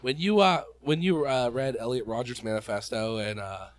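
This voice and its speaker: A man's voice: mid-range voice, moderate pace. A man co-hosting a comedy podcast, rowdy and profane, joking around with friends. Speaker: podcast co-host. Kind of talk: casual chat.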